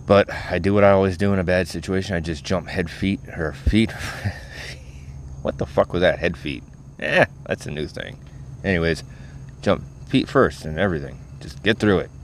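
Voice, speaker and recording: A man's voice: low-pitched, moderate pace, slight background noise. A man casually telling a story to the camera in a profane, joking way, chuckling often.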